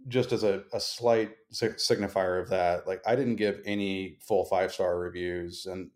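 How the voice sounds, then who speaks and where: A man's voice: sits low, steady tone, moderate pace. A man co-hosting a podcast in casual chat from a hotel room, speaking in a wordy, articulate way over a remote call. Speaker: podcast co-host. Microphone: remote call recording.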